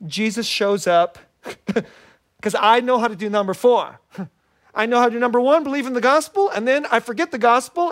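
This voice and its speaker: A middle-aged man preaching a sermon as a pastor, animated and laughing often as he acts out what people say. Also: very high voice. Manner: animated, laughs often, quotes himself in little voices.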